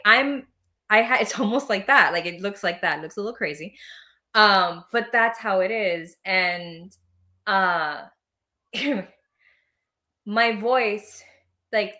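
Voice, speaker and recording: A woman talking as a guest on a podcast, animated and quick to laugh, sometimes acting out voices as she explains. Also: medium pitch. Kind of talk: casual interview chat.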